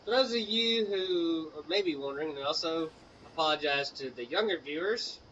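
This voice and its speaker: A young man with a Southern US accent tells a meandering story full of fillers, his voice bright and a touch high. He sits a little back from a dull-sounding mic, with a faint hum in the room behind him. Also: animated, moderate pace, recorded from a distance. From Mississippi, US. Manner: rambling, many fillers and asides to the game. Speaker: gaming channel co-host. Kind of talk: casual storytelling over gameplay.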